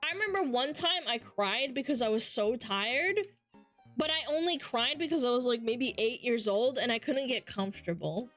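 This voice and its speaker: High-voiced, foul-mouthed young woman streamer. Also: moderate pace, soft background music. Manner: profane, animated storytelling. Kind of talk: casual chat reading chat.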